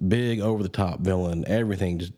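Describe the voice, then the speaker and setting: A man's voice: low-pitched, fast talker, mellow. A man hosting a casual movie podcast, talking in a laid-back, rambling way with many fillers. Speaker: podcast host.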